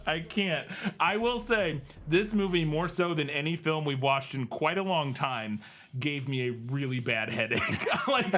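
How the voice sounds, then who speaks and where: A man's voice: fairly high pitch, expressive, normal speed, fairly bright tone, slight background noise. A man co-hosting a podcast, chatting casually about a bad film, laughing often and sounding exasperated. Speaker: podcast co-host. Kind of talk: casual movie review chat.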